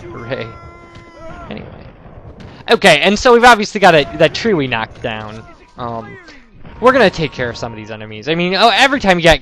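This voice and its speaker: With a medium-pitched, sharp-toned voice, this young man from the United States provides casual let's play commentary on gameplay. He's a rambling, chatty storyteller who drifts into personal anecdotes.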